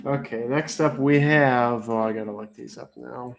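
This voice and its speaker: A man running a live auction stream in a relaxed, off-the-cuff way. He rambles through side stories with plenty of fillers. Between stories he reads out viewer messages and counts down the bids. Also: medium pitch, normal speed, creaky. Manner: rambling, chatty storytelling with many fillers. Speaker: livestream auction host. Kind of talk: casual livestream chat and auctioneering.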